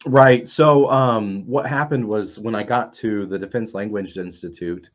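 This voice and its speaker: A man's voice: lowish voice, unhurried. A middle-aged man telling stories on a casual panel, rambling with many fillers and restarts. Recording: dull lo-fi audio.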